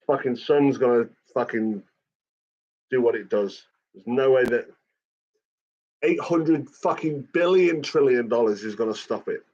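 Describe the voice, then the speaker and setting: A man rants through a casual catch-up, cursing in nearly every line. His voice sits at an ordinary middle pitch. The recording sounds dull and lo-fi. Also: a little slow, a little mellow. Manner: swears constantly, ranting. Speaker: channel host. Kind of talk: casual chat.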